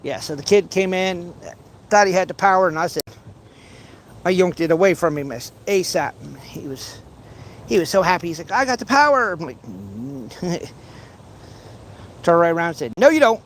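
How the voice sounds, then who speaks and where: A man's voice: fairly high pitch, moderate pace, long pauses, slight background noise. A man casually chatting to his livestream viewers while fishing outdoors, rambling with many restarts and playful teasing. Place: outdoors by a pond.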